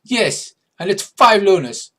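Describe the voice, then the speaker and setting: A curt, greedy alien guard with a tapir snout, as a man puts him on, pitched well above his usual voice. He speaks in short, blunt phrases with a husky edge. His tone stays guarded and haggling throughout. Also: very animated, unhurried, a bit bright, heavily acted. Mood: demanding.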